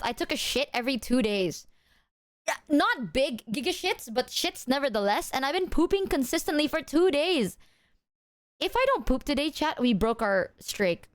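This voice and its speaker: A woman livestreamer chats with her viewers in an animated, swear-heavy storytelling style. Her voice sits a little higher than most women's. The sound is dry and close, with no room echo. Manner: animated, profane storytelling, talks to chat. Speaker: streamer. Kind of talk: casual livestream chat.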